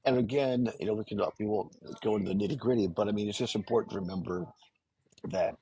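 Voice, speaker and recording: A man's voice: on the low side, fast talker, warm tone, slight background noise, rough recording. A man speaking as a guest on a political talk radio show, earnest and explanatory, often restarting his sentences.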